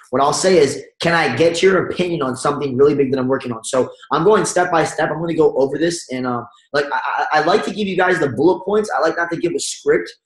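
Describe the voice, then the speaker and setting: A man giving an energetic sales training talk and acting out phone calls as he coaches his audience. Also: fairly high pitch, reverberant, poor audio. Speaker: network marketing trainer.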